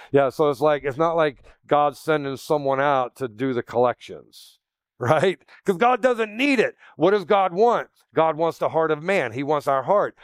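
A man preaching a sermon in a casual, animated way, acting out quoted voices as he goes. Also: fairly high pitch, clear, resonant tone, dry recording, clean studio sound. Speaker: pastor.

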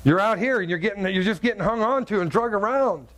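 A man's voice: high voice, expressive, quick pace, fairly bright tone. A man preaching a sermon as pastor, talking in a conversational way, repeating words and asking his listeners to agree. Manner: conversational, repeats words, asks the crowd "right?".

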